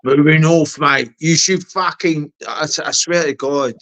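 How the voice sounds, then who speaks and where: A man's voice: fairly high pitch, a little slow, fairly bright tone. A Scottish man chatting over beers, a bit tipsy, rambling and swearing with lots of emphatic repetition. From Scotland. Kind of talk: casual chat over beers.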